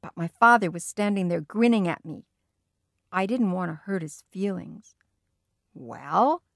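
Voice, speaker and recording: A woman narrating a children's storybook in a lively, expressive way. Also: on the low side, moderate pace, vocal fry, no echo, studio quality. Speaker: audiobook reader.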